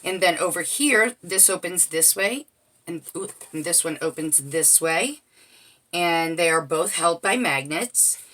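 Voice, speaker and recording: A woman's voice: lowish voice, expressive, measured pace, a bit bright. A woman casually walking through a handmade scrapbook album page by page, chatty and explaining each piece as she goes. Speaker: crafter showing a handmade album. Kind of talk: casual show-and-tell narration.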